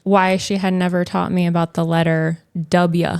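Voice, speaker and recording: A woman co-hosting a podcast who teases her husband and drops quick remarks into the chat. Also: on the low side, flat delivery, a little mellow, clear, resonant tone, no echo, clean studio sound. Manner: teasing, quick interjections. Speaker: podcast co-host. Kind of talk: casual chat.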